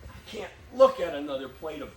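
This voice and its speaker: An actor playing a harried, desperate theater staffer who scolds with exasperated insistence, in a live stage play. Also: male voice, on the high side, big pitch swings, fairly quick. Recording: echoey stage, distant mic, faint hiss.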